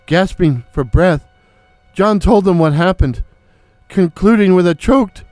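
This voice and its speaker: A man telling an original horror story in a slow, deliberate, theatrical way, as host of his own channel. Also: sits high, darkish tone, no room sound, faint music behind. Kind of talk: dramatic horror story narration.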